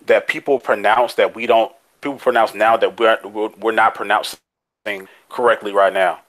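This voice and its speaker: A man co-hosting a casual podcast chat, excitable and quick to laugh, swearing freely as he rants. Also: fairly low pitch, poor audio. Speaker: podcast co-host.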